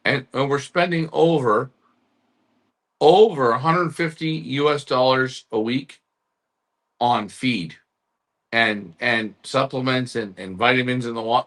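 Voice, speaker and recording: A man co-hosting a pigeon club show, calmly explaining delays to members, with rhetorical questions and a reassuring tone. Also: medium pitch, takes it slowly, long pauses. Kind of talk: casual live-stream chat to club members.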